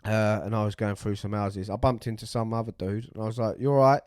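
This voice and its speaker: A man's voice: fairly low pitch, fairly even intonation, fast talker, a little mellow, no room sound, clean studio sound. Man telling a gaming story. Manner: swears freely, acts out quoted voices. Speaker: podcast co-host. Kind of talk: casual chat, storytelling.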